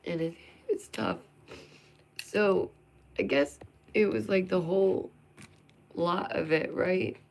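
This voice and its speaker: A woman's voice: fairly low pitch, animated, slow, pauses often, a little mellow, slight background noise. A woman vlogger venting in an emphatic, sarcastic monologue full of rhetorical questions.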